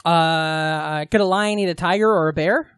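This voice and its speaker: A man's voice: fairly high pitch, normal speed, fairly bright tone, smooth, no room sound, clean studio sound. A man co-hosting a comedy podcast, rambling and swearing in casual banter, full of fillers. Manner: rambling, profane, many fillers. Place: small comedy radio studio.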